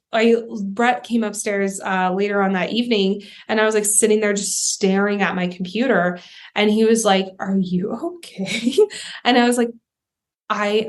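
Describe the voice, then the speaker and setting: A young adult woman hosting her own podcast, talking casually and candidly, often acting out her own thoughts as quoted asides. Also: medium pitch. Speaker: podcast host, life coach. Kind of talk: casual solo podcast talk.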